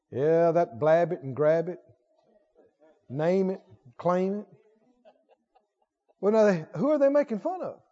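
A man preaching with a high, lively voice that jumps up for emphasis and drops low for asides. His talk is folksy and conversational, with sudden emphatic calls to the congregation. The sound is dull and rings with a long church-hall reverb. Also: slow pace, pauses often. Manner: animated, rising to emphatic exclamations, conversational asides. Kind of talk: sermon.

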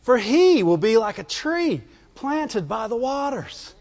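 A man's voice: very high voice, big pitch swings, slow, darkish tone, big-room sound, lo-fi sound. A man preaching a sermon in a folksy, call-and-response way, asking the congregation to answer back.

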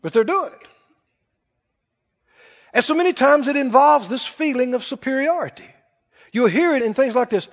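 A man preaching a sermon in an animated, conversational way to a church congregation. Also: extremely high pitch, moderate pace, long pauses. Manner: animated, conversational, acts out quoted voices. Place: church hall. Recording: dull recording with long hall reverb.

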